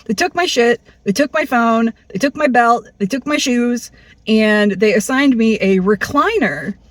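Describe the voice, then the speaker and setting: A woman's voice: a little high, measured pace, no room sound. A woman telling a personal story in a candid, blunt monologue, swearing freely and acting out the people she quotes. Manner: blunt, profane, animated, acts out quoted people.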